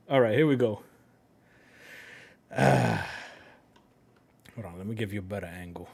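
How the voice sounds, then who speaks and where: A man's voice: fairly low pitch, measured pace, pauses often, darkish tone, breathy edge. A man with a New York accent, chatting casually with his live-stream audience, swearing freely and dropping in Spanish phrases. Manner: profane, talks straight to his chat and drops in Spanish.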